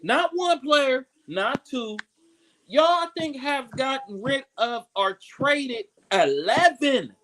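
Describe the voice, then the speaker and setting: Bay guy ranting about his team, high-pitched voice, drawls it out slow, gets loud then grumbles. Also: animated, poor audio. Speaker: show co-host. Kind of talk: casual sports rant.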